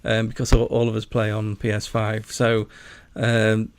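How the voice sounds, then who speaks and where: Gravelly Yorkshire man chatting on a gaming stream. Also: fairly low pitch, completely flat delivery, unhurried, no echo. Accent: Yorkshire English. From Yorkshire, England. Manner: chatty, jokey, rambling, talks to chat. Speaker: livestream host. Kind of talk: casual gaming livestream chat.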